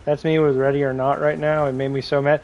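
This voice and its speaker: Man, fairly high voice, rambling game streamer, faint background hum. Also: little pitch movement, fast, dull audio. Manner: rambling, joking, talks to chat while playing. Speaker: gaming livestreamer. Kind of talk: casual live gameplay chat.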